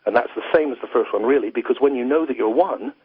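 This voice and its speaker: A man's voice: mid-range voice, quick pace, husky, no echo. Earnest English man over a tinny phone line. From England. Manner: earnest, flowing, uses "you know" often. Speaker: philosopher and guest. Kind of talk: reflective interview talk.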